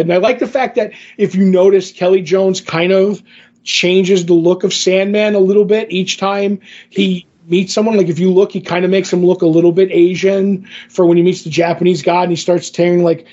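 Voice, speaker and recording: A man co-hosting a podcast, retelling a comic book issue in a casual, rambling and excited way, acting out the characters' lines. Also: high voice, moderate pace, muffled recording. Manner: excited, rambling, acts out quotes. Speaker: podcast co-host.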